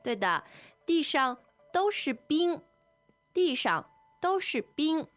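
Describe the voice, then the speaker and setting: A woman, Mandarin her first language, co-hosts a language lesson and models Chinese phrases by repeating them. Her speech is slow and unhurried, her pitch a touch high and lively. Faint music plays underneath. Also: no room sound. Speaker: Mandarin teacher co-host.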